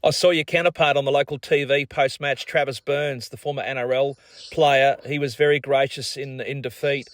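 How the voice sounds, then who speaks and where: A man's voice: mid-range voice, steady tone, moderate pace, no echo. A man with an Australian accent hosting a radio sports show, asking upbeat leading questions. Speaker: radio host. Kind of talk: radio interview.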